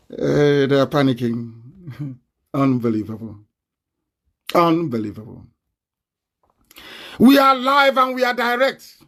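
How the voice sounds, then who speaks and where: A man with a Nigerian accent giving a combative live online broadcast, laughing often and breaking into shouts. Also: fairly high pitch, sing-song, slow pace, long pauses.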